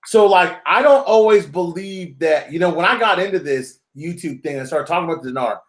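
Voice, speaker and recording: A man's voice: a little high, a little fast. Upbeat guy hosting a live stream, slangy, talks right to the chat, echoey room. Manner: animated, slangy, addresses viewers directly. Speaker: host of a live-streamed channel.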